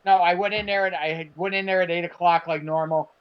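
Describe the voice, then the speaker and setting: A man with a high voice spins a long anecdote in casual podcast chat. He is animated and foul-mouthed, slipping into the voices of the people he quotes. The sound is dull and lo-fi. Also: fast talker, clear, resonant tone. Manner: animated, acts out quotes, swears. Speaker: podcast co-host. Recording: dull lo-fi stream audio.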